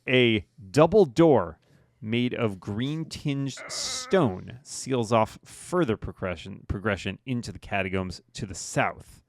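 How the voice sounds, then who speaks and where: A man narrating a tabletop game as game master, relaxed and chatty, often laughing. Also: mid-range voice, no echo, studio quality.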